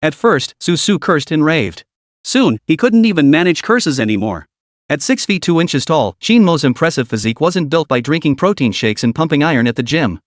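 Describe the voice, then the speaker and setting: A man's voice: on the high side, lively intonation, moderate pace, dry recording. A man narrating a story recap in a scripted, dramatic storytelling read on a close mic.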